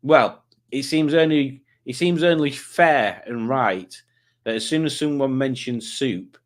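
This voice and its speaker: A man's voice: mid-range voice, measured pace. A man hosting a casual livestream, chatting and joking while he reads viewer comments aloud. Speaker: livestream host.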